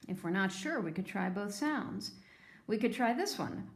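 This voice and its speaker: A woman teacher giving a phonics lesson to young children, sounding out words slowly and patiently. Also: mid-range voice, animated, reverberant.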